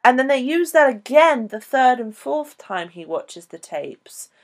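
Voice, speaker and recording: A woman co-hosting a podcast, talking casually about a film in a rambling, animated way. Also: sits high, a little slow. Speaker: podcast co-host.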